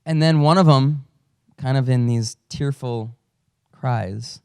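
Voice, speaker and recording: A man's voice: mid-range voice, slow pace, darkish tone, clear, resonant tone, no echo, clean studio sound. A man who is a father, a pastor giving a conversational sermon with storytelling and self-deprecating humor. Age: adult father.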